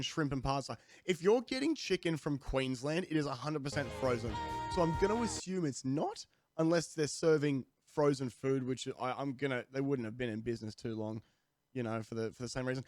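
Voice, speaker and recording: A young Australian man ranting comically to camera as a streamer, rambling with restarts and sudden jumps in pitch. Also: no room sound, clean studio sound. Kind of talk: comedic rant to camera.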